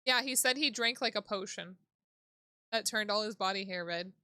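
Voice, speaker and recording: A woman's voice: medium pitch, normal speed, noisy background. A woman streaming a game, chatting casually, swearing and reading the game text aloud. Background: background music.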